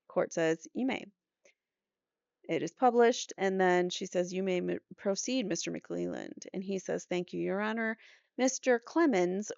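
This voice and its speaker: A woman's voice: mid-range voice, creaky, a little mellow, no room sound. A woman hosting a true crime show, reading court transcripts aloud and breaking off for skeptical asides. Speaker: true crime podcast host. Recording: dull lo-fi dry recording.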